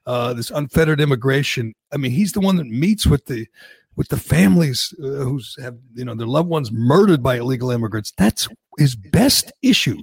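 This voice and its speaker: Raspy opinionated podcast host. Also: male voice, mid-range voice, normal speed, no room sound. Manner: animated, opinionated recapping. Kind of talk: casual political chat.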